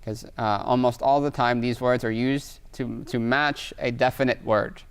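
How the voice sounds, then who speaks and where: A man's voice: medium pitch, steady tone, a little slow, smooth. A man teaching an Arabic grammar lesson, explaining patiently and reading Arabic examples aloud, often checking in with "right?". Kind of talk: recorded online lesson.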